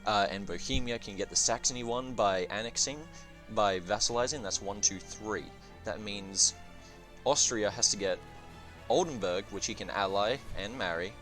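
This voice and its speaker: A man's voice: lowish voice, moderate pace, fairly bright tone, soft background music. A man casually reviewing a strategy game, rambling and swearing as he thinks aloud with many fillers. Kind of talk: casual gameplay commentary.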